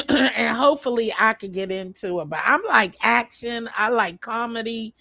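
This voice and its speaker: Woman rambling slow on a home livestream, lots of ums, dry close sound. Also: medium pitch, a bit bright, no room sound. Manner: chatty, rambling, lots of fillers. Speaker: vlogger. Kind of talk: casual live stream chat.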